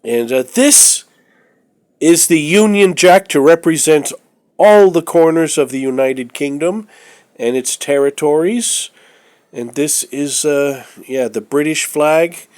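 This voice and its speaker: Slow, rambling man with a stuffy nose. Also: fairly high pitch, a little mellow, clean tone. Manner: rambling and hesitant, with many fillers. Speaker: vlogger. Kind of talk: casual show-and-tell vlog.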